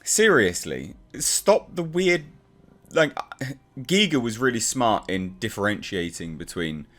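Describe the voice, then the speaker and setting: A man's voice: fairly low pitch, big pitch swings, slow, a bit bright. A man reviewing a comic book in a casual, exasperated and sarcastic rant.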